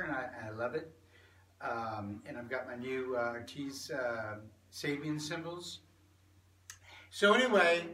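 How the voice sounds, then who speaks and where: A man giving a casual drum lesson in a relaxed, halting way, with many fillers. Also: mid-range voice, distant mic, slight background noise. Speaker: drum teacher. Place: room with drum set. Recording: roomy, from off-mic, loud drums.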